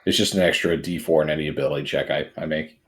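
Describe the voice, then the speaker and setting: A man's voice: a bass voice, steady tone, fast. A man playing a tabletop game, asking questions in a friendly, inquisitive way as his character. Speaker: player.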